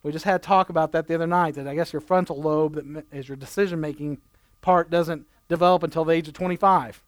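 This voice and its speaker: A man's voice: fairly high pitch, steady tone, quick pace, no room sound, clean studio sound. A man preaching a conversational sermon, reading scripture and adding playful everyday asides. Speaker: pastor.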